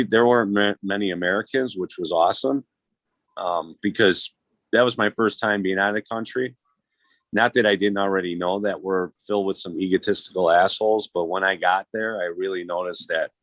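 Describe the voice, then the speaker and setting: A man's voice: low voice, normal speed, a bit bright, dry recording, low-quality recording. A man casually telling a rambling, profane travel story, acting out the lines of people in it. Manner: rambling, profane, acts out quotes.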